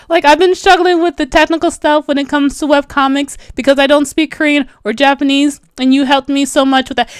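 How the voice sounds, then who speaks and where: Giggly high-voiced woman in her thirties. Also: fairly even intonation, a little fast, fairly bright tone. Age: 30s. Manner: bubbly, giggly, self-deprecating, rambling. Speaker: webcomic artist streaming a tutorial. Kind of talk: casual livestream chat, reading comments.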